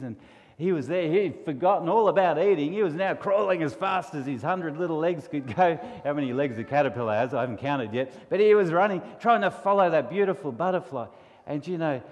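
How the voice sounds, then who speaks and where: A man telling a children's story in an animated, playful way with sound effects and asides to his listeners. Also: on the high side, big-room sound.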